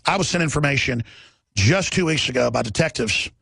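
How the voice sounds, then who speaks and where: A man's voice: medium pitch, expressive, a little fast, vocal fry, bright, forceful tone, breathy edge, no room sound. A middle-aged man hosting a talk radio show, ranting in an agitated monologue full of rhetorical questions.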